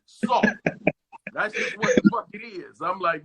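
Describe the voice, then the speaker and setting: A man guest in a casual interview, telling stories in a profane, animated way and acting out what others said, over a phone video call. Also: high voice, moderate pace, creaky, slight background noise. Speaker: actor guest.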